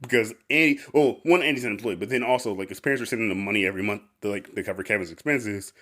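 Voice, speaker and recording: A man's voice: on the low side, very fast, a bit bright. A man hosting a casual podcast, rambling with lots of fillers and frequent laughter. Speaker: podcast host.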